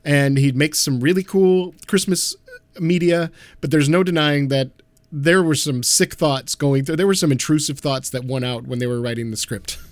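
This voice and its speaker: A man's voice: fairly high pitch, moderate pace, no room sound. A man co-hosting a podcast in casual chat, ranting animatedly and swearing a lot. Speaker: podcast co-host.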